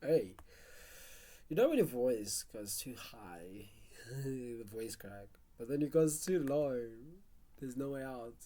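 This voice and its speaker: A music producer chatting casually on a live stream, talking to themself and the chat and humming basslines while working. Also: expressive, slow. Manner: chatty, talks to self and chat, hums basslines.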